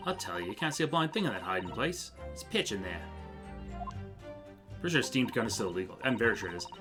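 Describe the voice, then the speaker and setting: A man's voice: fairly low pitch, expressive, fast, close to an everyday voice. A man voicing a cocky young female pickpocket from the streets, with a Cockney accent and a defiant, taunting way of talking, over a video game. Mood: recounting. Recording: game music behind.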